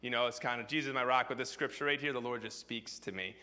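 A man's voice: medium pitch, fast talker, sharp tone, big-room sound. A man preaching a sermon, telling a personal story in a casual, filler-heavy way. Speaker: pastor.

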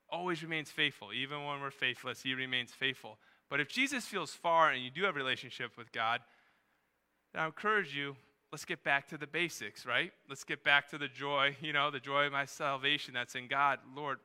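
Male pastor, bright and smooth-voiced, conversational sermon with lively asides. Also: medium pitch. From New Hampshire, USA. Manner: conversational, quick asides, rising emphasis. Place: church during live service.

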